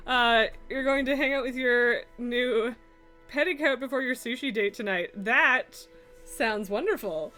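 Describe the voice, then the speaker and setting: A woman's voice: fairly high pitch, unhurried, sharp tone, faint music behind. A woman live streamer chatting casually from her home streaming room, laughing often, swearing and scolding her cats.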